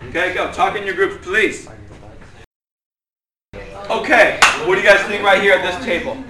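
A young adult man leading a church group discussion, conversational and animated, often asking questions. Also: high voice, moderate pace, background noise. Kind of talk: interactive church teaching.

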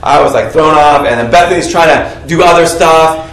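A man preaching a sermon, calling on the congregation to finish his sentences and shout out answers. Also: a little high, moderate pace. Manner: animated, coaxes the congregation to call out answers. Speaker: pastor. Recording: echoey room, heard from a distance.

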